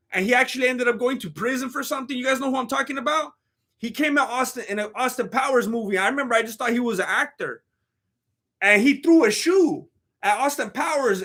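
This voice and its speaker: A man with a very high, bright voice rambles through casual live-stream commentary. He speaks in loose slang, cracks jokes, and breaks off to answer chat.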